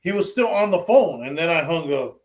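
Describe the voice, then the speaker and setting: A man with a fairly high voice spins crude stories in casual podcast banter. He swears freely and jumps into the voices of the people he quotes. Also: fairly quick. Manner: profane, animated storytelling, acts out quotes. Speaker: podcast co-host. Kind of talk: casual chat.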